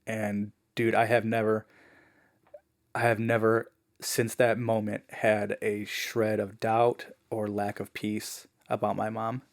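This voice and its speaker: A man guest on a podcast, telling a personal story in a casual, animated way, full of "like" and "man". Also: on the low side, slow pace, creaky. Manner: animated, acts out the people he quotes; fillers like "man" and "like".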